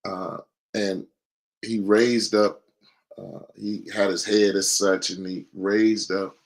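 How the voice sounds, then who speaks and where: A man's voice: lowish voice, level tone, takes it slowly. A man being interviewed as a student minister, telling his testimony in an earnest, folksy way full of fillers.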